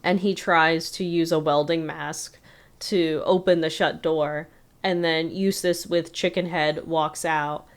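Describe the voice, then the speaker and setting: A woman co-host talks through a cartoon plot in easy, meandering casual chat. Her voice sits a little low and sounds smooth and clean. She leans on fillers and keeps circling back. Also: steady tone, slow. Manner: rambling, filler-heavy retelling with frequent "like". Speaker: podcast co-host.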